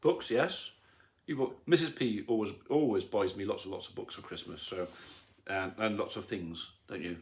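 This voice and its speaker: A man's voice: on the low side, moderate pace. A middle-aged man, a farmer, chatting on a live stream from his lounge at home, with rambling, dry teasing humour. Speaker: farmer and channel host. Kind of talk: casual live-stream chat.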